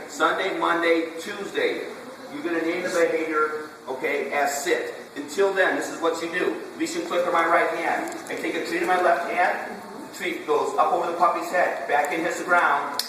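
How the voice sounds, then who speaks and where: A man's voice: a little high, moderate pace. A man teaching a puppy training class, quizzing the handlers and repeating short commands in a drill-like way. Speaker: dog trainer. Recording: echoey hall, distant camera, room noise.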